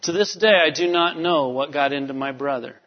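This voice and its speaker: A man preaching from the pulpit, easing into his message with a family story full of fillers and asides. His voice sits a little high for a man. The sound is dull and muffled, with long reverb from a large church hall. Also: brisk, slight background noise. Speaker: pastor. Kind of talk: sermon with personal story. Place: church sanctuary.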